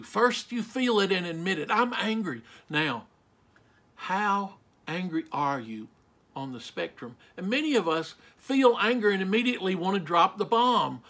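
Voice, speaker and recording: A middle-aged male pastor preaching a sermon, slow and emphatic, asking the listeners rhetorical questions. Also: high voice, a bit bright.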